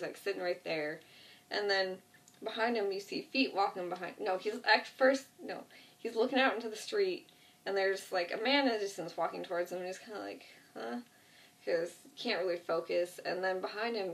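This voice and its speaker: A woman talks through a TV episode at home in a loose, meandering way, stuffing her sentences with fillers. Her voice has a gravelly, creaky edge. She sits a little back from the mic, so she sounds slightly distant. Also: mid-range voice. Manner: rambling, filler-heavy, lots of "like". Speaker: vlogger. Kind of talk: casual retelling of a TV episode. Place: at home, with a cat nearby.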